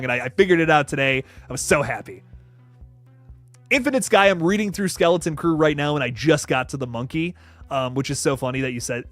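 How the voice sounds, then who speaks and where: A man hosting a casual horror news chat, answering viewer comments in an animated, rambling way with frequent restarts. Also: a little high, no echo.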